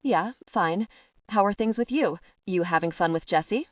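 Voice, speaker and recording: A woman's voice: mid-range voice, normal speed, dry recording, studio quality, natural voice. A woman voicing a prickly, guarded teenage vampire girl in an audiobook, curt and defensive. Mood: snappish.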